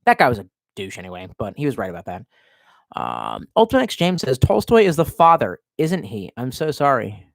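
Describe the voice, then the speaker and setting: Profane rambling male streamer, lively pitch. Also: fairly quick, creaky, no echo, studio quality. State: drinking, tipsy. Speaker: livestream host reading chat. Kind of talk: casual rambling chat.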